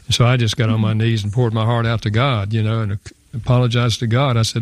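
A man's voice: fairly low pitch, little pitch movement, quick pace, dry recording. An older man, an author and guest, telling a personal story in an earnest, reflective way with small fillers. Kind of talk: personal storytelling in a radio interview.

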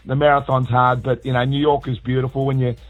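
An Australian man calling in to a radio show, slightly hoarse from a frog in his throat, chatting in an upbeat, matey way with plenty of restarts. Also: medium pitch, level tone, fast talker. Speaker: charity founder calling in. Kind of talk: casual radio phone chat. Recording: tinny phone line with faint music.

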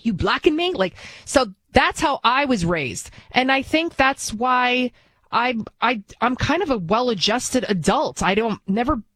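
A woman's voice: mid-range voice, no room sound. A woman who hosts a news show talks in a blunt, outspoken and opinionated casual monologue. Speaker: news TV host.

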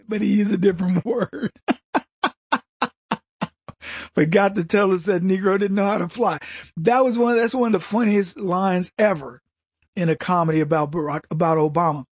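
A man hosting a political talk radio show, ranting in an animated monologue with mocking put-on voices and frequent restarts. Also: high voice, normal speed, long pauses, breathy edge, no room sound, clean studio sound.

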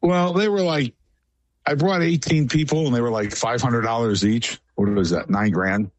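A man's voice: medium pitch, moderate pace. A man guest in a casual radio interview, telling long, rambling stories in a matter-of-fact way.

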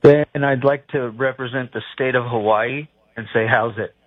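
A man's voice: medium pitch, steady tone, moderate pace, dry recording. Rambling male caller on a phone line. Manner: meandering, hesitant, "you know". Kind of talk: rambling call-in talk.

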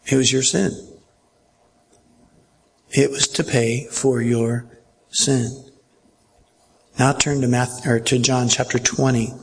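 A man's voice: mid-range voice, creaky, slight background noise. A man preaching a verse-by-verse sermon as pastor, in a conversational way that keeps checking in with his listeners.

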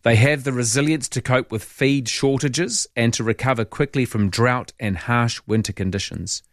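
A man's voice: mid-range voice, moderate pace, no room sound, clean studio sound. A man with a New Zealand accent hosting an overnight radio talk show, reading listener texts and telling chatty stories. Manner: chatty, storytelling, animated in anecdotes. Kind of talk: late-night radio chat reading texts. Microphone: studio microphone.

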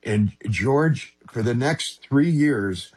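A man, an interview guest, telling a personal story in an earnest, halting way with frequent restarts. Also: medium pitch, lively intonation, a little mellow, husky.

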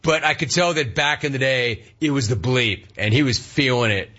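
A man's voice: medium pitch, normal speed, sharp tone, lo-fi sound. A man hosting a casual talk radio show and reading listener complaints, talking in slang and repeating words for emphasis.

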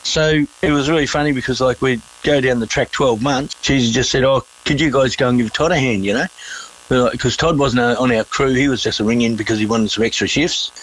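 A man in his forties with an Australian accent, telling stories in a relaxed way as an interview guest, mimicking the voices of others. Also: mid-range voice, a little fast, rough recording. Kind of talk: casual storytelling in an interview.

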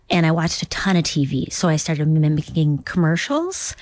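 A woman's voice: low-pitched, fairly even intonation, measured pace, a little mellow, no echo. Rambling self-deprecating comedian woman. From Minnesota, USA. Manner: rambling, self-deprecating, breaks into voices and laughs. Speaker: comedian guest. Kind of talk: casual interview chat.

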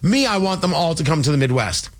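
A man's voice: fairly high pitch, sing-song, a little fast. A man from Indiana hosting a talk radio show, giving sarcastic, digressive political commentary.

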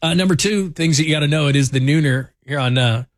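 A man's voice: on the high side, fast talker, dry recording. Chatty male sports radio host, dry studio sound. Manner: chatty storytelling, lots of "like". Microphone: studio microphone.

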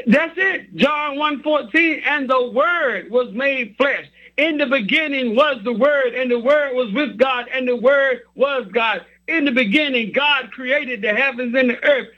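A man's voice: extremely high pitch, pushed and bright, dull audio. A man preaching a sermon, reading scripture and repeating his points with emphasis.

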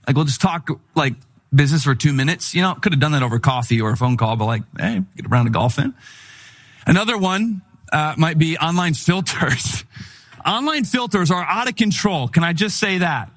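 A middle-aged man preaching a sermon in a conversational, humorous style, telling animated stories. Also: on the high side, brisk. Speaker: pastor.

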